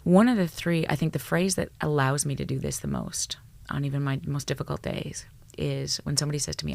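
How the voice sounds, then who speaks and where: A middle-aged woman psychologist, a guest on a podcast, who talks in an animated way, swears freely and acts out bits of dialogue. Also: sits low, brisk, vocal fry, few pauses, no echo. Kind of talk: casual podcast conversation.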